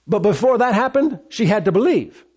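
A man preaches a sermon in a fairly high voice. He presses his points by repeating phrases and often restarts mid-sentence. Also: expressive, brisk, darkish tone, husky.

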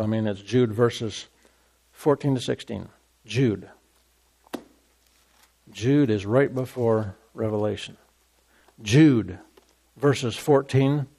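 Animated man preaching a sermon. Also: on the high side. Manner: animated preaching, repeats scripture references. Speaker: pastor.

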